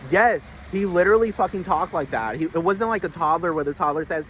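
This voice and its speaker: A young man talks in a loose, rambling monologue, swearing constantly and leaning on "like" and "dude." His voice sits a little high for a man. Faint city traffic hums behind him. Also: expressive, fairly quick.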